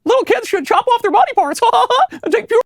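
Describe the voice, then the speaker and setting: Squeaky falsetto cartoon mouse, snide, giggling, very high, dry close sound. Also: male voice, expressive, fast, creaky, no room sound, heavily acted. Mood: snide mockery.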